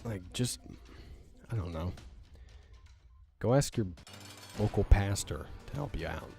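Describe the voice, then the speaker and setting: A man's voice: on the low side, lively intonation, measured pace, creaky, mellow, soft background music. A young man hosting a let's play, ranting in a rambling, exasperated way with stammered restarts and frequent swearing. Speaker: gaming channel host. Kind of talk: let's play commentary rant.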